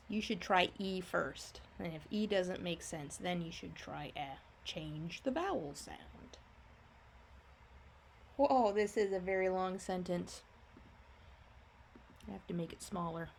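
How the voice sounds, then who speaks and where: A woman teaching a first grade phonics lesson, patiently explaining and slowly sounding out each word for young children. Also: on the low side, creaky, a little hiss or hum. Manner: slow, drawn-out sounding out of words.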